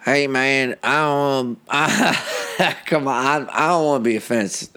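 A man's voice: mid-range voice, takes it slowly, pushed and bright, smooth, voice pushed up. A man voicing a hesitant, earnest rural man in overalls as he tells a comedy story.

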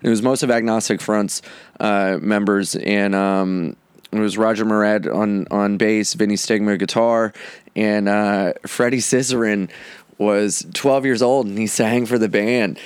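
A man's voice: lowish voice, steady tone, unhurried, clean tone. A man hosting a podcast, telling loose, profane stories from the road in a casual chat. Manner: loose and profane, breaks into sung lines and mock voices. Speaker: podcast host and comedian.

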